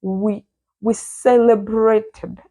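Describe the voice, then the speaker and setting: A young woman casually telling a lively personal story from her school days, laughing and acting out what people said. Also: medium pitch, drawn-out words. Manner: lively, laughing, acts out quotes.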